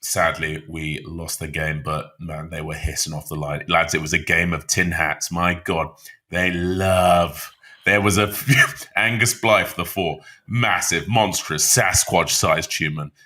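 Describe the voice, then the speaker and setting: A man's voice: deep voice, fairly even intonation, a little slow, pushed and bright. A man co-hosting a podcast and playing rugby, telling wry, colourful stories full of slang. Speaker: podcast co-host, rugby player. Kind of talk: casual chat.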